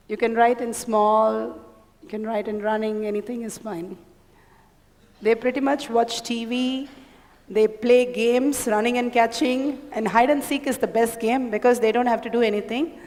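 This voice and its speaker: Gentle woman guiding a demo, reverberant hall. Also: fairly high pitch. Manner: gentle, instructive, addresses others as "ma". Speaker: demonstration coordinator. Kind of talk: guiding a live demonstration. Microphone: handheld mic.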